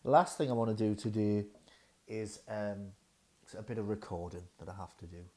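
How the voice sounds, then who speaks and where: A man's voice: fairly low pitch, fairly even intonation, normal speed, darkish tone. A man casually reviewing new audio gear at home, thinking aloud with lots of fillers and hesitations, recorded through a wireless radio mic in a dining room. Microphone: wireless radio mic under test.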